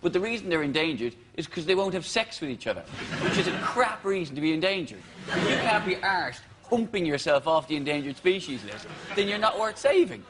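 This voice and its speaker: A man's voice: high-pitched, sing-song, brisk. A man on a comedy panel giving blunt, crude opinions. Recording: TV studio with loud audience noise.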